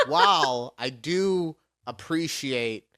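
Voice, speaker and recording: A man in his forties co-hosting a casual podcast, telling stories with big animated rants and swearing. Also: on the high side, slow, vocal fry, dry recording, studio quality. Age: 40s. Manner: animated storytelling, rants with profanity. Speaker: podcast co-host. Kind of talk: casual chat.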